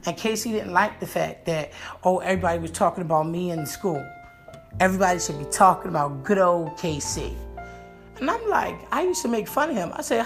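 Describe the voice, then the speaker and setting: Brief: a man spinning a funny personal story, playful and animated, with a gravelly edge. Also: high-pitched, brisk, soft background music. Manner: animated, playful, jokey delivery.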